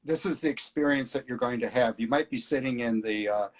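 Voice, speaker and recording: Speaking a little fast at a medium pitch, the middle-aged man behind the flying tours tells relaxed stories during a casual interview. Filler words and hesitations crop up constantly.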